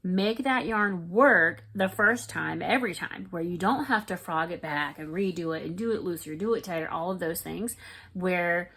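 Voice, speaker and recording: A woman, a crochet vlogger rambling excitedly in casual chat to her viewers. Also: fairly low pitch, normal speed. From Florida, US.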